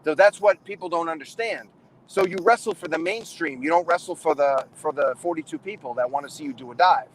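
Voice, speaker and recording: A man's voice: fairly high pitch, a little fast, slight background noise, rough recording. A middle-aged man hosting a wrestling trainers' chat, casually rambling and emphatic, with frequent restarts. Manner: rambling, restarts often, calls people man and brother; animated and emphatic. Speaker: wrestling trainer and show host.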